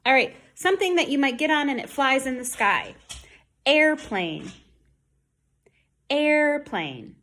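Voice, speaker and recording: Woman teaching sounds with slow, exaggerated modeling. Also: sits high, animated, sharp tone. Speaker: speech therapy teacher. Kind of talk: online lesson for children. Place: home.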